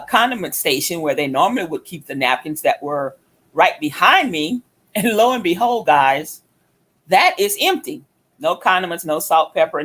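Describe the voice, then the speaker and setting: A woman hosting a podcast, telling a story as a casual, animated, profane rant. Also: on the low side. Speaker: podcast host.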